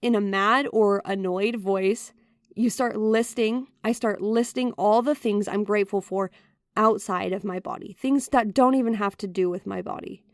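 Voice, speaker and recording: A woman's voice: medium pitch, fairly even intonation, normal speed, no room sound, clean studio sound. A woman hosting a podcast, talking in an earnest, encouraging and direct way. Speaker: podcast host. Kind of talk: motivational podcast talk.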